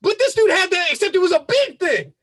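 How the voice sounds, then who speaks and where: A man's voice: very high-pitched, fast, no echo. A man hosting a live relationship-advice show, talking casually, swearing freely and working himself up into incredulous rants. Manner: animated, swearing, rising to incredulous outbursts. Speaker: podcast host.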